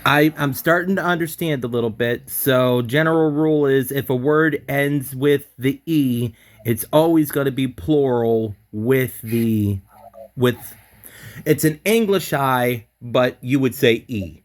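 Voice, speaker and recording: A man learning a language in an online lesson. He thinks out loud and repeats words as he practices them. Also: mid-range voice, a little slow. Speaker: language student.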